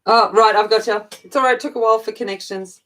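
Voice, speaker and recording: A woman's voice: on the high side, steady tone, fast talker, fairly bright tone. A middle-aged woman with an Australian accent hosting a livestream, chatting casually and playfully with viewers and laughing often. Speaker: livestream host. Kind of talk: casual chat with viewers while colouring.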